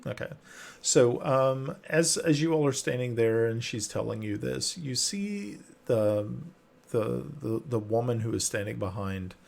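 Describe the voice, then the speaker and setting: Slow gravelly man running a tabletop game. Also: medium pitch, animated, darkish tone. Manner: halting, many restarts and fillers. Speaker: game master.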